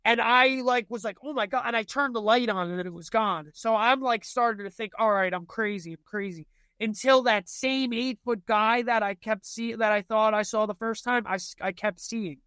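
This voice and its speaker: A man's voice: very high voice, steady tone, moderate pace, few pauses, bright, forceful tone, clean tone, no room sound. A young man telling ghost stories in casual chat, rambling with lots of fillers and restarts. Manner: rambling, filler-heavy storytelling.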